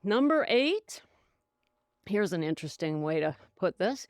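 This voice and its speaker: A woman's voice: lowish voice, big pitch swings, measured pace, a little mellow, dry recording, studio quality. A middle-aged woman hosting a sobriety podcast, reading quiz questions aloud and mocking them with giggles and sarcasm. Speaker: podcast host. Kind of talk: casual sobriety talk.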